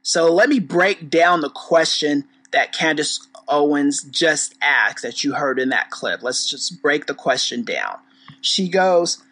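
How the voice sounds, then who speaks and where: Podcast host ranting, swears a lot, bright sharp tone, mid pitch, rambles and restarts. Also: rough recording. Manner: profane, blunt, sarcastic. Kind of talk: casual commentary rant.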